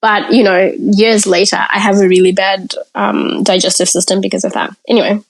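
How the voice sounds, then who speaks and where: A woman speaking at a moderate pace in a level, medium-pitched voice is a podcast guest recounting her childhood. In conversation, she tells the story candidly and frankly, using the present tense, on a rough recording.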